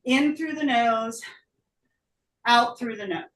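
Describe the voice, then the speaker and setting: Breathless woman calling yoga cues. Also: fairly high pitch. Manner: brisk, energetic calling of breath counts. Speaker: yoga teacher. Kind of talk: live online yoga class cues. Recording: roomy echo, voice from a distance.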